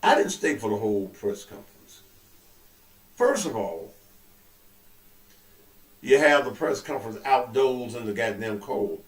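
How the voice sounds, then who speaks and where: Male host with a cold; slow, profane, emphatic delivery; roomy echo. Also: sing-song. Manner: profane and emphatic, swings from low to loud. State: suffering with a cold. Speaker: show host. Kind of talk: casual talk-show commentary. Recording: echoey room.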